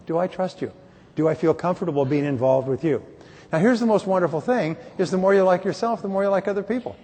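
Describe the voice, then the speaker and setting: A man's voice: high voice, expressive, fast, warm tone. A middle-aged man giving a motivational conference speech, emphatic and repetitive, with joking stories. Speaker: motivational speaker. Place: large conference hall. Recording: reverberant hall, from far off.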